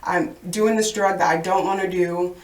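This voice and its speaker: Woman guest, low flat voice, halting storyteller; roomy far-mic sound. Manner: halting, many restarts and ums. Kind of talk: personal recovery story.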